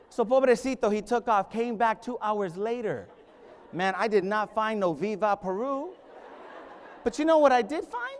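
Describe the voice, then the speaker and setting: A man's voice: high voice, animated, normal speed, a little hiss or hum. A middle-aged man giving a humorous keynote at a conference, joking with the audience and switching into Spanish. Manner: joking, addresses the crowd directly, switches into Spanish. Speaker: keynote speaker, high school principal. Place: large conference hall. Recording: long reverb of a large conference hall.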